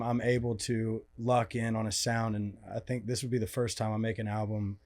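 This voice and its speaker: Thoughtful man explaining calmly. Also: on the low side. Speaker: guest songwriter. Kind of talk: casual interview chat.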